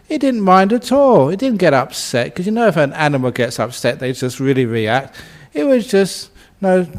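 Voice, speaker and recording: A Buddhist monk and teacher tells a funny story during a dharma talk, speaking in a relaxed, conversational way. He says "you know" a lot and often chuckles at his own tale, and his voice is on the high side.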